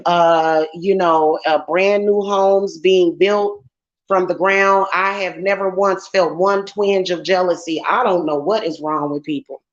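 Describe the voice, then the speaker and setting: A woman's voice: fairly low pitch, fairly even intonation, unhurried, highs cut off. A woman tarot reader talking bluntly and casually on a livestream. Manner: blunt and chatty.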